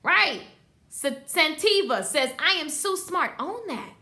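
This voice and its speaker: Her voice sits high and moves at a slow pace as this beauty business coach teaches hairstylists in a live online session. She addresses viewers head-on, animated and emphatic, reading out the comments they send in.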